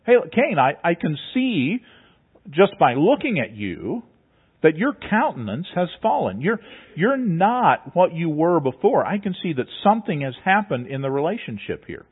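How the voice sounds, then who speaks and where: A man's voice: a little high, very animated, moderate pace, husky. A man preaching who voices God, patiently questioning a man who has gone wrong. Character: God speaking gently to an errant man. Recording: tinny phone-like sound.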